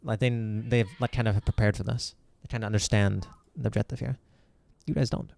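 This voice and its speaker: A man's voice: fairly low pitch, fairly even intonation, a little fast, vocal fry, a little mellow. A man narrating a tabletop game as game master, rambling with lots of fillers and restarts.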